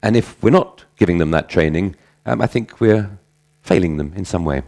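A man's voice: deep voice, moderate pace, vocal fry, a little mellow. A middle-aged man speaking at a conference on language teaching, in a conversational way, telling anecdotes and correcting himself as he goes. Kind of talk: conference talk.

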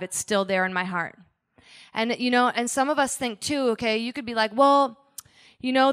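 A woman pastor preaching in a relaxed, conversational way. Her voice sits a little high for a woman, and she keeps slipping into small acted-out quotes and asides. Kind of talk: sermon.

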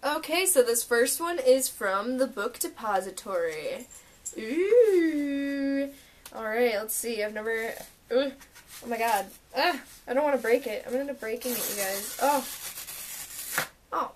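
A young woman vlogging a casual book haul and unboxing, gushing and excitable as she talks through each book. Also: fairly high pitch, normal speed, a little hiss or hum. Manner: gushing, excitable, lots of "oh my gosh".

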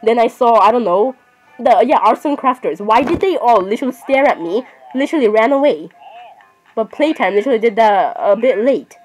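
A woman gamer talks through her play in casual running commentary. Her voice sits fairly high, and she gets excitable, keeps saying sorry and chats to herself as she goes. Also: a little fast, soft background music.

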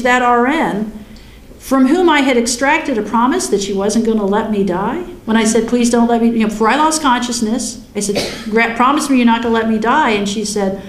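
A woman telling a personal story in a lively, wry way, acting out her own thoughts as she goes. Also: on the high side. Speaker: guest recounting a near-death experience. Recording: roomy echo.

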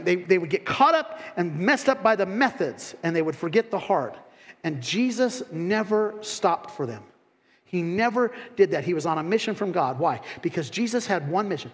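A fairly high-voiced man delivers a lively sermon in a church sanctuary. He swings into loud, raised voices to act out critics, then settles back into folksy asides. His voice rings with a long hall reverb. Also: brisk. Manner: animated, acts out voices of critics with sharp rises in pitch and volume; laughs between phrases, folksy asides. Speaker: pastor.

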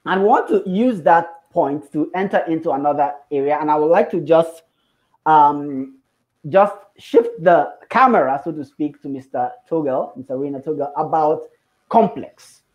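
A man moderating a panel discussion, putting questions to the speakers in quick strings. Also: a little high, a little mellow, dull audio. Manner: asks questions in rapid strings, laughs easily.

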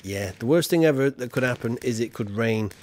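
A man's voice: mid-range voice, animated, a little fast, a little mellow. A man chatting loosely as he streams a game, rambling with fillers. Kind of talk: live game stream chat.

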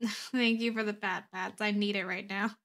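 Expressive bright-voiced woman streamer. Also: mid-range voice, normal speed. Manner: expressive, shifts between soft reading and loud laughing outbursts. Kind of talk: reading visual novel dialogue aloud and reacting.

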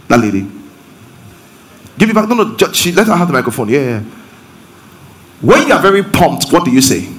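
A man with a Nigerian accent, a pastor giving an interactive sermon that climbs into emphatic preaching. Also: on the high side. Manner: lively, rising to emphatic preaching.

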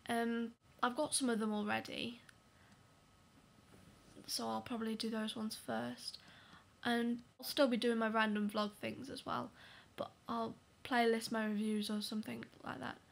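A woman's voice: a little high, little pitch movement, unhurried, gravelly. A young woman giving a casual movie review vlog, chatty and apologetic, often dropping to a whisper for asides. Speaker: vlogger.

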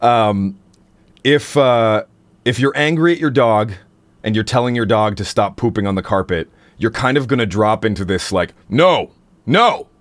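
A man's voice: moderate pace, dry recording. A man hosting a casual livestream about singing technique, rambling and playful with lots of fillers. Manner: rambling, playful, drops into silly high demo voices. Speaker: singer and stream host.

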